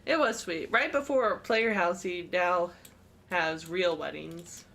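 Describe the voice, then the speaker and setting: A woman's voice: fairly low pitch, slow pace, a bit bright, slight background noise. Chatty giggly woman gaming streamer. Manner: chatty, giggly, tells stories. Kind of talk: casual chat while playing a game.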